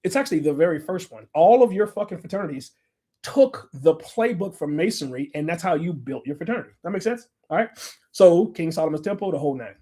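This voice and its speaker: Talking to a room full of people, a middle-aged man from the US rambles and curses constantly, blunt and profane throughout. He speaks briskly in a mellow, higher-pitched voice with lively intonation.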